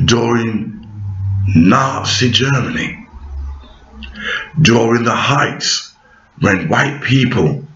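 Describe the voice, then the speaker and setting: Emphatic man in an echoey room. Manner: emphatic, rising to shouts, then dropping low and pleading. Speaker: video commentator. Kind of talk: impassioned monologue to camera. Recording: echoey room, dull lo-fi sound.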